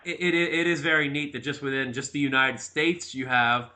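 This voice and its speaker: Sports show host guy, bright tense voice, chatty, stumbles over his words a lot. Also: medium pitch, moderate pace. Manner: chatty, stammers and repeats words. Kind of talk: casual interview chat.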